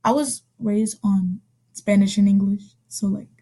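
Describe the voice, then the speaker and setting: A woman casually telling a personal story as a vlogger, rambling and correcting herself with quick asides. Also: mid-range voice, fairly even intonation, mellow, slightly rough.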